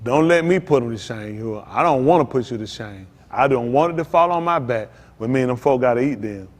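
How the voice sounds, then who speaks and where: A man's voice: medium pitch, animated, fairly quick, long reverb tail. A man preaching a sermon as pastor, fervent and repetitive in casual vernacular speech.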